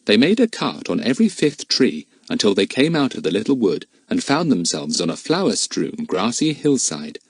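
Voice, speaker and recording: Expressive male audiobook narrator. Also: lowish voice, normal speed, few pauses, husky, no room sound. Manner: lively, expressive storytelling.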